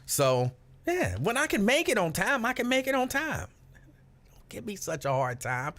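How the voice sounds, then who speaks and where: Guy hosting a live stream, bit high voice, swings up and down a lot, chatty and playful, greets everybody by name. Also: normal speed. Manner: animated, reads out viewer comments and greets them by name; playful, joking self-mockery. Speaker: host. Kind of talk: casual live-stream chat greeting viewers.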